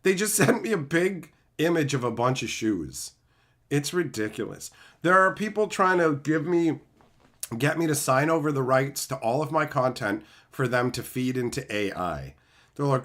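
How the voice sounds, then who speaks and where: Animated ranting Canadian man. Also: a little high, brisk. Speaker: YouTuber and streamer. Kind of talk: profane livestream rant.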